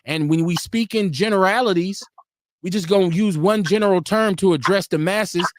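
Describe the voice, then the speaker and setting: Man, high-pitched, animated, argumentative, acts out quotes, dry close sound. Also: moderate pace, dry recording. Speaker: podcast co-host. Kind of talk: heated casual debate. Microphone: remote stream.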